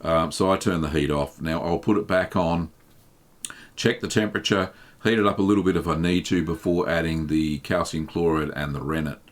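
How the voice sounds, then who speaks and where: A man hosting a live stream, reading viewers' questions aloud and answering them in a relaxed, chatty way with plenty of ums. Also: low voice, normal speed. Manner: relaxed and chatty, reads chat messages aloud, many um fillers. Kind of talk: casual live Q&A chat.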